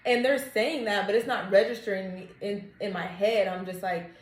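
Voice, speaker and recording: Brief: young woman, mid-pitched, open storyteller, laughs easily, roomy echo. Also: steady tone, normal speed. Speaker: podcast co-host. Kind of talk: casual chat.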